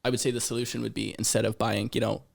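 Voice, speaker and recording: A man's voice: lowish voice, flat delivery, racing, gravelly. A man who co-runs a fish shop, chatting earnestly on a podcast recorded in a home and repeating words as he builds his points. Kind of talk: casual podcast chat. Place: living room of a home.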